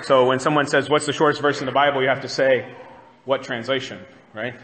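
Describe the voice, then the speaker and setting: Bright-voiced pastor in a reverberant church. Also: male voice, medium pitch, fairly even intonation, brisk, a little hiss or hum. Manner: conversational, asks the congregation questions. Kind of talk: sermon. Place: church sanctuary.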